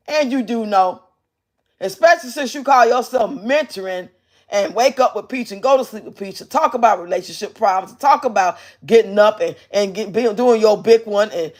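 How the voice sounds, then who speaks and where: Brash, profane woman streamer. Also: on the high side. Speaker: livestream host reacting to clips. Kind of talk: blunt commentary and chat reading.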